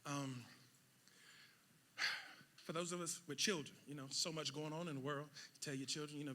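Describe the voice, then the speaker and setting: A pastor preaching a sermon, swinging between loud shouted peaks and quiet asides. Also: male voice, fairly high pitch, fairly even intonation, normal speed, long pauses, a little hiss or hum. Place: church sanctuary with congregation.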